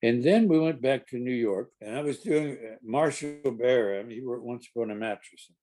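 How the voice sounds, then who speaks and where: A man's voice: mid-range voice, normal speed, dark tone. An older man, a stage actor, telling a rambling, amused backstage anecdote with frequent restarts. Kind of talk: casual anecdotal storytelling.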